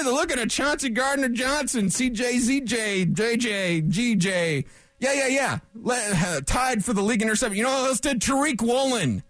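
Animated opinionated sports radio man. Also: high-pitched, no room sound. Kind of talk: sports talk radio monologue.

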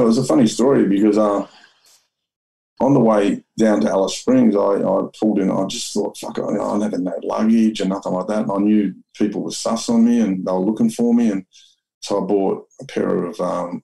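Gravelly deep Australian man. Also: steady tone, moderate pace, mellow, low-quality recording. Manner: rambling, blunt, swears, many restarts. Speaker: interview guest. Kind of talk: storytelling in an interview.

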